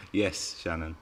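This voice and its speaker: Hosting a live Q&A stream for his RC car channel, a man reads out viewer comments, chats, and playfully teases his audience. His low voice comes across pushed and bright, over a little hiss or hum.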